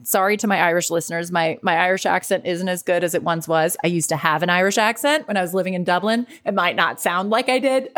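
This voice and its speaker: A woman's voice: fairly low pitch, a little fast, hardly any pauses, fairly bright tone. A woman in her thirties, a life coach hosting a podcast, talking in a candid, chatty monologue and swearing freely. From New York. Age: 30s.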